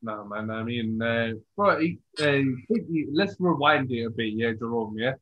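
A man's voice: medium pitch, expressive, normal speed. A man hosting a podcast, talking loosely and peppering his questions with "bro" and "yeah". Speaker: podcast host. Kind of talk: casual interview chat. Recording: echoey, muffled lo-fi audio.

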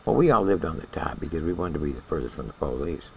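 A man's voice: rumbling low, lively intonation, quick pace, creaky, a little hiss or hum, low-quality recording. An older man who served time in prison, casually telling a story in a blunt, profane way and often checking in with "all right?".

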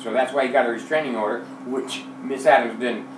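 A man calmly explaining a complaint against his landlord, halting, with many restarts and fillers. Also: mid-range voice, noisy background. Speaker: tenant. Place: inside a rented house. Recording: echoey room, voice from far off.

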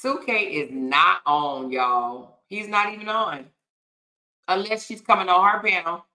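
A woman's voice: on the low side, unhurried, bright, forceful tone. A woman hosting a casual livestream, reading viewer comments aloud, laughing often and calling her viewers y'all, child and honey. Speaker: livestream host. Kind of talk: casual live-stream chat reading comments.

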